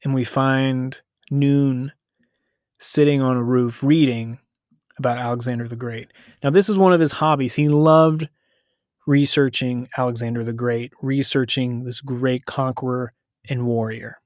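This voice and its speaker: An American podcast host with a medium-pitched, steady, slightly mellow voice casually retells a story, correcting himself and tossing in quick paraphrased quotes. The sound is clean studio quality with no echo.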